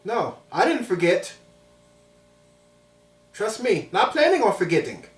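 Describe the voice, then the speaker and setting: A man's voice: high-pitched, wildly swooping pitch, measured pace. A man in his thirties, from Chicago, telling a personal story in an emphatic way and repeating phrases for weight. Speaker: vlogger. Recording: roomy sound from a distant mic.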